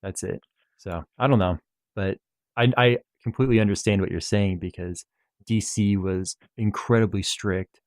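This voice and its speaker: A man with a very low voice talking through his thoughts in a relaxed podcast conversation. He pauses and restarts sentences as he goes, and the sound is dry and close. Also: no room sound. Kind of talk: casual podcast chat.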